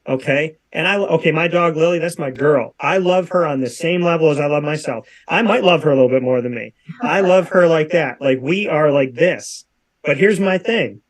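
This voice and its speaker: A man in his thirties with a fairly high voice hosts a casual talk show. He talks with emphatic, preachy conviction and repeats phrases to drive his points home. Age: 30s. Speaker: show host.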